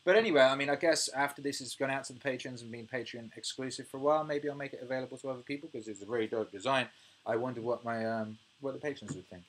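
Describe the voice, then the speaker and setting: A British man in his thirties hosting a casual livestream, reading viewer comments, swearing freely and ranting with animated energy. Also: medium pitch, quick pace. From United Kingdom. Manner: swears freely, animated rants, laughs often. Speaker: music producer and livestream host.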